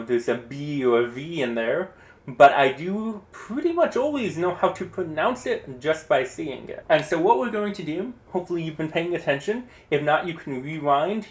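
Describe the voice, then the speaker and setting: Chatty man teaching, slightly high voice. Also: reverberant. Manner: relaxed, chatty, encouraging. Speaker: Spanish teacher. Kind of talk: casual explanatory lesson.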